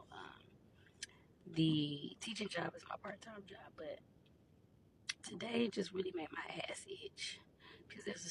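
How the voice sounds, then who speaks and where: A woman working as a school behavior interventionist, ranting to camera in a blunt, profane, emphatic way and building up to near-shouting. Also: fairly low pitch, vocal fry, slight background noise.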